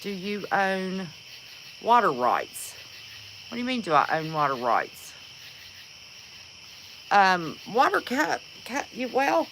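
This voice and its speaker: Slow-talking woman livestreaming. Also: fairly high pitch, a little hiss or hum, rough recording. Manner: chatty, greets viewers warmly, calls them honey. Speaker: livestream host. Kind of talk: casual livestream chat.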